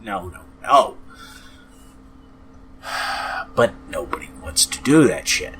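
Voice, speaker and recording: A man's voice: medium pitch, sing-song, slow pace, pauses often, sharp tone, a little hiss or hum. A man hosting a podcast, ranting in an angry, profane way with frequent sighs, sounding depressed. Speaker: podcast host. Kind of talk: ranting monologue.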